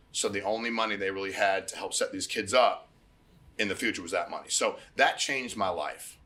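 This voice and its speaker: Middle-aged guy doing a recruiting pitch, talks quick, bright voice, chatty storyteller. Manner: conversational, storytelling with quoted dialogue, repeats phrases. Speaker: agency head hosting a recruiting meeting. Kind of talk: casual motivational pitch.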